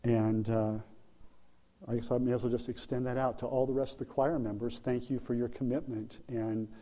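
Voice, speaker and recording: A man's voice: mid-range voice, little pitch movement, moderate pace, dark tone, long reverb tail. A man preaching a sermon as pastor, talking informally with fillers and restarts. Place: church sanctuary.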